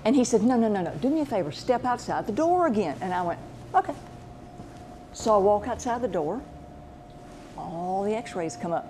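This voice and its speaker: A woman tells a long personal story with plenty of animation, acting out every voice she quotes. Her voice sits at an ordinary middle pitch. A faint hiss of noise runs under the recording. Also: animated, normal speed, long pauses, dark tone. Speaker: pet medium, show host. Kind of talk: casual storytelling.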